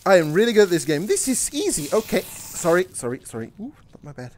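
Young man, gaming commentary, excitable, lively pitch, swears casually, talks to himself. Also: fast talker, slight background noise. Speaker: gaming YouTuber. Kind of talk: casual let's-play commentary.

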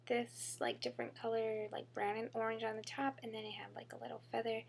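Bubbly young woman with a gravelly edge. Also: a little high, little pitch movement, brisk, slight background noise. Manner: bubbly, chatty, full of fillers and "oh my god". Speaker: beauty vlogger. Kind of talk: casual haul vlog.

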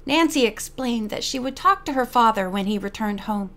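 A woman narrating a mystery novel for an audiobook in a steady storytelling manner. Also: a little high, normal speed. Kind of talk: scripted narration.

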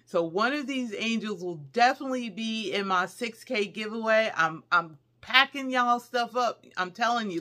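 A middle-aged woman, chatting excitedly through a shopping haul video and squealing with delight. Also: on the high side, normal speed, few pauses. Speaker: haul vlogger. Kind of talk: casual haul video chat.

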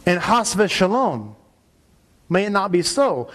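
A man preaching a sermon in a synagogue, arguing emphatically and rising to loud peaks on key points. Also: high-pitched, sing-song, takes it slowly, long pauses. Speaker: rabbi.

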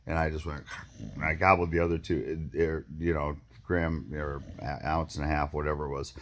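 A man's voice: rumbling low, flat delivery, normal speed, a bit bright, a little hiss or hum. A man telling a rambling, profane story to camera, full of fillers, restarts and asides. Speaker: vlogger.

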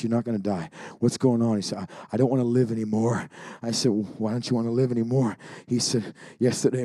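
A man preaching a Pentecostal sermon who swings from shouting to quiet storytelling. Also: mid-range voice, dry recording. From Alaska. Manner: builds to shouting, then drops to quiet storytelling. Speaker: pastor.

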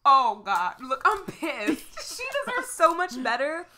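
A woman co-hosting a casual podcast chat, exclaiming and swearing freely, quick to get worked up. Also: high voice, very animated, noisy background. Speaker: podcast co-host.

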